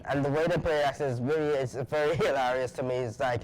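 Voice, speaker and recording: A young man talks as a first-time guest at a mid pitch, groping for words with constant ums and false starts. His casual chat has a faint hiss under it. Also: steady tone, a little fast, darkish tone, low-quality recording. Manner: hesitant, filled with ums and restarts. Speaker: guest co-host.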